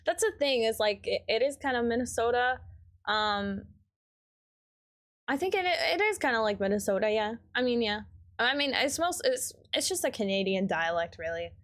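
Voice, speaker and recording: A woman's voice: fairly high pitch, lively intonation, moderate pace, fairly bright tone. Chatty Midwestern woman streamer. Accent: Midwestern American. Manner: rambling, filler-heavy, reads chat aloud. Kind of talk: casual chat while gaming.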